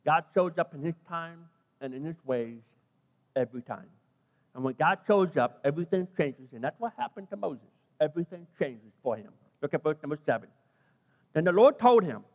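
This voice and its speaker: Man, pastor, sermon, high lively voice, long hall reverb. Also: normal speed. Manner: animated preaching, acting out quoted voices.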